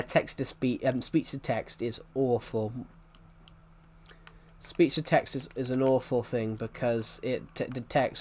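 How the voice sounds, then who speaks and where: A man's voice: mid-range voice, darkish tone. A young man with a mixed English and Welsh accent, chatting casually with viewers on a live stream. He rambles and restarts his sentences. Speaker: livestreamer reading chat.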